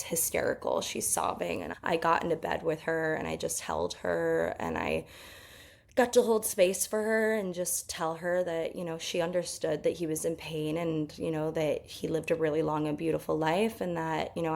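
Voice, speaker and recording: A woman's voice: low voice, creaky. A young woman telling a personal story in a candid, emotional way, with lots of fillers. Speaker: podcast host.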